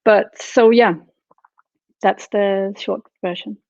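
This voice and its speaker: A woman's voice: medium pitch, fairly even intonation, slow pace, a little mellow, dry recording. Woman on a dull video call. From Denmark. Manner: matter-of-fact, explanatory. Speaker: guest artist. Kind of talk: interview answers. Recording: dry, dull lo-fi call audio.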